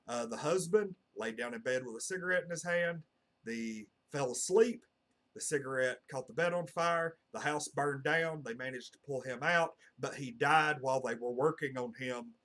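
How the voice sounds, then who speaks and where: A man with a drawl, speaking at a middle pitch and talking straight to camera. He tells his story in an earnest, rambling way, full of "uh" and "you know.". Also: bright, forceful tone. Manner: earnest, meandering, heavy on fillers like "uh" and "you know". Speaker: channel host.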